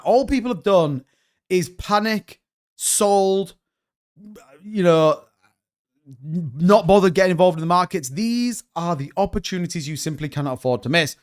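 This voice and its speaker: A young man hosting a crypto stream, chatting casually and rambling with frequent restarts. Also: high voice. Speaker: crypto channel host. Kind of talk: casual livestream chat.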